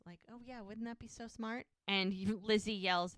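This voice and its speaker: Smooth-voiced woman recapping a show. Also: medium pitch, fairly even intonation, a little slow, fairly bright tone, no echo, clean studio sound. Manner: retells scenes by quoting characters' lines. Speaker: podcast co-host. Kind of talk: casual episode recap.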